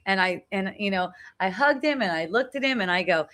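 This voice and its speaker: Outdoors on a beach, a middle-aged spiritual talk host shares heartfelt reflections on a phone live video. Her mid-range voice is expressive, fairly bright and a little fast, and she keeps repeating herself and adding "right?" as she goes.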